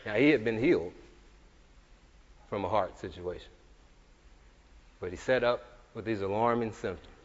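A male preacher delivering a sermon. He swings between emphatic, shouted declarations and relaxed, chatty storytelling. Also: fairly low pitch, moderate pace, long pauses. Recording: reverberant hall, dull lo-fi sound.

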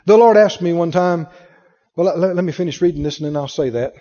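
A man's voice: a little high, fairly quick, warm tone, big-room sound, muffled recording. A man preaching a sermon, telling a personal story and acting out the voices in it.

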